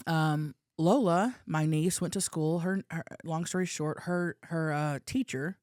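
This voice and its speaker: A woman with a slightly low voice is telling a story on a podcast, lively and animated, acting out the people she quotes. The sound is close and dry, as in a small studio. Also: measured pace, dry recording. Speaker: podcast co-host. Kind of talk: casual storytelling chat.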